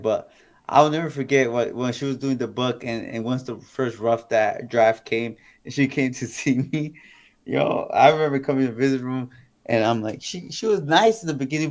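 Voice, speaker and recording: Man, former kingpin, guest on a live stream, animated rambling storyteller, swears often, mid-pitched. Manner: animated, rambling, with frequent restarts and profanity.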